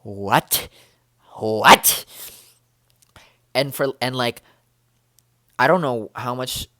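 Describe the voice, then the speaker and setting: A young vlogger speaks right into a close, dry microphone with no room sound, bubbly and rambling as he jumps from one excited exclamation to another. His pitch is ordinary and mid-range, his pace a little slow, and his casual chatter is full of fillers and restarts.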